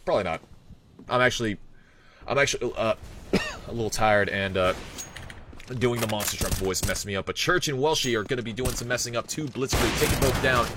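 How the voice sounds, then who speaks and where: A man giving live play-by-play esports commentary, energetic, joking and off-the-cuff. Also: medium pitch, brisk, pauses often, background noise.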